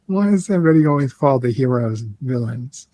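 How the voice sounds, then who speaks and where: A man in a casual live-stream chat, deadpan and joking with a mock-sinister edge. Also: medium pitch, brisk.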